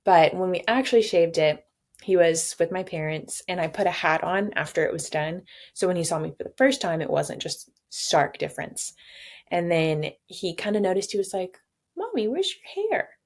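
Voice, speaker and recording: Low-voiced young woman, candid and reflective. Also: moderate pace. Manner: open, reflective, light laughter, acts out quoted voices. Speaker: patient sharing her story. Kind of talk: candid interview.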